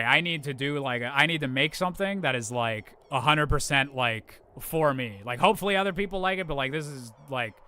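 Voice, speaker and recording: This man's fairly high voice sounds pushed and bright as he streams a game and chats with his viewers. He rambles cheerfully, restarting and using lots of fillers. Soft game music sits behind his voice.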